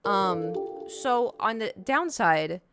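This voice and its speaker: A woman's voice: medium pitch, lively intonation, slow pace, music in the background. A young adult woman streamer telling a rambling, self-interrupting story to her chat in a casual way. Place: home.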